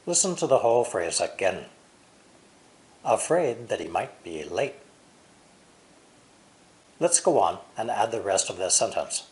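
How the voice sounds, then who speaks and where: A man with an American accent teaching English pronunciation, speaking deliberately and exaggerating stress and intonation. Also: mid-range voice, sing-song. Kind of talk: pronunciation lesson.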